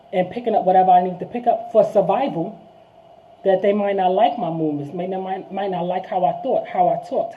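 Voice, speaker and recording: Fast-talking New woman, tinny sound. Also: medium pitch. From New York. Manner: fast, animated street talk, addresses viewers as y'all. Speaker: vlog host. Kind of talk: casual monologue to viewers. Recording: tinny phone-like audio.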